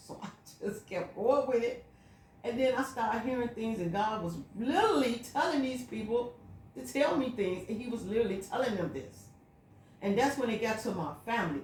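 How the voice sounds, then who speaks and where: A woman's voice: fairly high pitch, lively intonation, moderate pace, darkish tone, slight background noise. A woman vlogging a personal spiritual monologue, telling her story in an emphatic, repetitive, looping way. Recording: echoey room.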